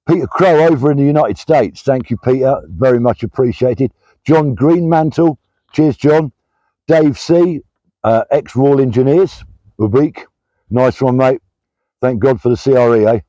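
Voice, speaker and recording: An older British army veteran chatting casually on his vlog while out walking, reading out supporters' names with plenty of pauses and restarts. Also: mid-range voice, mellow, dry recording, lo-fi sound. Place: walking outdoors, pulled over at the roadside.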